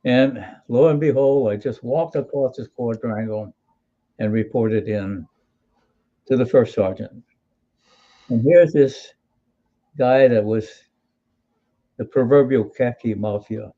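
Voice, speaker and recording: A man's voice: mid-range voice, slow pace, pauses often, warm tone, highs cut off. A man in his eighties from Hawaii, a military veteran telling wry, folksy stories in an interview with frequent restarts. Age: 80s. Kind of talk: storytelling in an interview.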